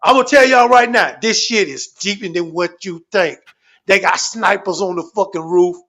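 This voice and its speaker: A man's voice: high-pitched, moderate pace. A man telling stories in a fired-up, profane rant on a livestream, swearing constantly and exaggerating for laughs. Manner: animated, repetitive, swearing constantly, comic exaggeration.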